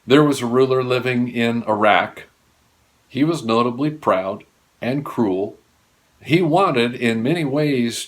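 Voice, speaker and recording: A male pastor preaching a sermon, earnestly, with wide swings from raised emphasis to hushed low lines. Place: church.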